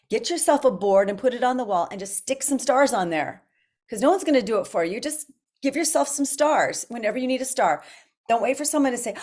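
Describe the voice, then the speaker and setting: A woman's voice: a little high, darkish tone. A woman guest speaking in an earnest, encouraging way during a casual conversation. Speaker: guest coach.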